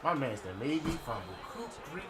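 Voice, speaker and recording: A man's voice: medium pitch, very animated, a little fast. A young man streaming a football game, talking casually to his chat in a slangy, mocking way. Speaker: gaming streamer. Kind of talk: casual live-stream talk. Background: game crowd noise.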